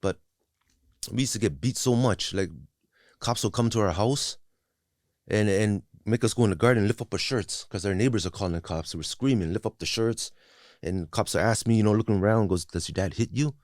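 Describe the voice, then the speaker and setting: Here a non-native English speaker in his forties, appearing as a guest, shares his life story in blunt, profane terms full of restarts and "you know what I mean" tags. His voice is fairly low and darkish, his pace fairly quick. The recording is dry and studio-clean.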